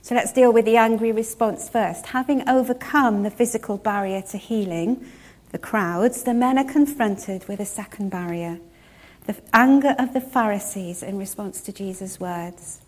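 A woman preaching a sermon, retelling a story in a measured way and slowing down to stress key words. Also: mid-range voice.

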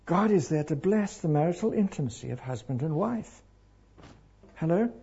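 High-pitched animated guy preaching, a bit husky, dull lo-fi recording. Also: normal speed. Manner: animated, asks the crowd questions. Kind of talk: interactive sermon.

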